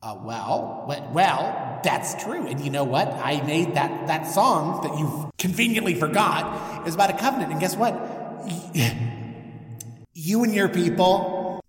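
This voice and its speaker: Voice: medium pitch, animated, unhurried, reverberant, long reverb tail, recorded from a distance, lightly acted. A podcaster voicing God as a chummy, pushy male figure with salesman patter. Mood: pleading. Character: cocky mellow-voiced cheerful male God.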